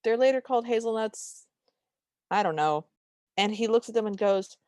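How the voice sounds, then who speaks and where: A woman's voice: on the high side, expressive, moderate pace, long pauses, darkish tone, no echo. Chatty woman with a dry, close sound. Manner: chatty and enthusiastic, with lots of fillers and restarts. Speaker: podcast co-host. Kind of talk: casual podcast chat recapping a film.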